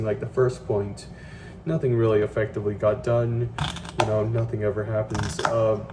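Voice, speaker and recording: A man venting in a casual vlog while cooking in his kitchen, rambling with lots of fillers, restarts and swearing. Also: mid-range voice. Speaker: vlogger. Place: home kitchen, cooking at the stove. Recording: distant phone mic with clear tap-water noise.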